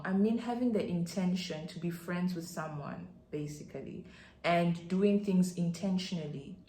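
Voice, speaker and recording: A woman with a Nigerian accent giving an excitable, chatty faith talk as a podcast host, addressing her listeners directly. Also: lowish voice, roomy sound.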